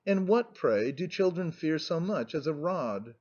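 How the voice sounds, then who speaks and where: Man doing talkative princess, middle-aged, vivacious, insistent, slightly high voice, muffled sound. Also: lively intonation, moderate pace, darkish tone, close to an everyday voice. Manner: eloquent, insistent. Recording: muffled lo-fi recording.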